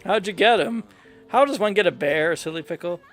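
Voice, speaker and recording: High-voiced man reading game dialogue. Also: animated, fairly quick, soft background music. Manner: playful, reads every character's lines in his own voice. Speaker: gamer reading dialogue aloud. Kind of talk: casual game playthrough commentary.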